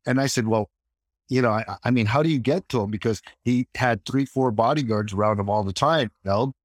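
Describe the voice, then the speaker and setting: A man's voice: mid-range voice, brisk, no echo, clean studio sound. A man, an actor and martial artist, telling a long story as an interview guest and acting out other people's lines, with frequent restarts. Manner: lively storyteller who acts out quoted dialogue, many restarts.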